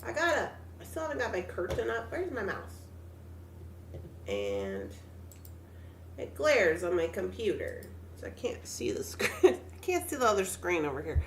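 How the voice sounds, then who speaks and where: A woman's voice: medium pitch, huge pitch swings, moderate pace, a little hiss or hum. A young woman hosting a casual livestream, chatting to viewers and talking to herself as she makes jewelry. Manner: chatty, talks to herself while working, greets viewers by name. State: pregnant. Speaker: livestream jewelry-making host. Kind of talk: casual livestream chat while beading.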